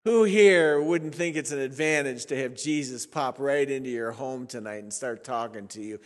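A man in his sixties preaching a sermon as a pastor in an animated, sarcastic, conversational way. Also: mid-range voice, normal speed. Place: church sanctuary. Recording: reverberant church sanctuary.

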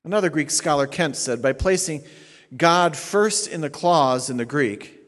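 A man's voice: fairly high pitch, expressive, a little slow, a bit bright. A male pastor teaching a sermon, explaining Greek grammar point by point with emphatic stresses. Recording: long hall reverb.

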